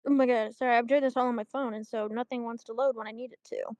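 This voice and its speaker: A woman's voice: a little high, fairly even intonation, fast talker, a little mellow, no room sound. A woman playing in a tabletop game, chatty and giggly with lots of fillers. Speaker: player. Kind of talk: casual chat.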